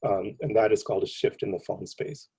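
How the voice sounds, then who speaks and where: A man, a computer science professor, giving a seminar lecture in a relaxed, conversational way, full of ums and you-knows. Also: lowish voice, fairly quick, vocal fry, slightly rough, low-quality recording.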